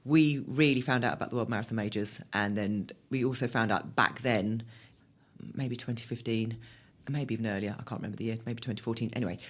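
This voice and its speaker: A middle-aged woman as an interview guest, telling stories in a casual, animated way and laughing often. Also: extremely low pitch, fairly quick.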